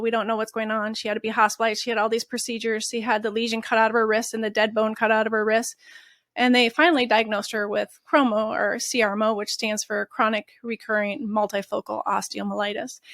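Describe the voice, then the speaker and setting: A woman's voice: fairly high pitch, fairly bright tone, dry recording. A woman guest telling an emotional story in an interview, earnest and candid. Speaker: guest, mother of a patient.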